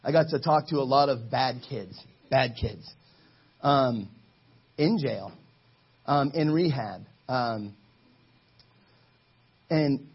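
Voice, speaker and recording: Husky preaching man, urging his church. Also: mid-range voice, takes it slowly, pauses often, muffled recording. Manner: energetic, exhorting the congregation, calls for responses. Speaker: pastor. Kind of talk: sermon. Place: church sanctuary.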